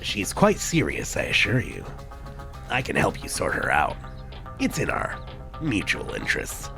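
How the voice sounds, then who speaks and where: A gruff harpy woman murmurs in a deep, gravelly growl, as a man puts her on for a video game. She speaks slowly and evenly, with a sly, conspiratorial calm. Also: soft background music, full character voice. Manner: low, gravelly, growled military-style delivery.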